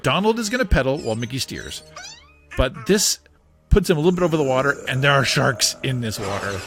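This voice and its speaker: A man hosting a podcast, narrating a cartoon scene by scene in a casual, excitable way and often breaking into giggles. His pitch swings widely as he talks. Faint music plays underneath. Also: a little fast. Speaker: podcast host. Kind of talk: casual play-by-play commentary on a cartoon.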